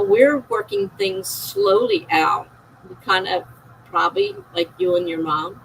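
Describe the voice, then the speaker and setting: A woman's voice: mid-range voice, bright, forceful tone, a little hiss or hum, low-quality recording. A middle-aged woman streaming a personal, emotional monologue, confiding and circling back on herself as she talks. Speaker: live streamer.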